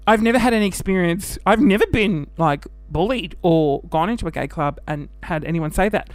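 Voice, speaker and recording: An Australian man hosts his own podcast in a high-pitched voice, recorded with no room sound. The casual chat is animated and camp, full of laughter and quick bursts of mock voices.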